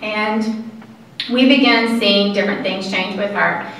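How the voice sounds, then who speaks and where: A woman giving an earnest, conversational lecture to an audience, with halting pauses. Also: mid-range voice, fairly even intonation, a bit bright. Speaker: caregiving presenter. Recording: echoey room from far mic.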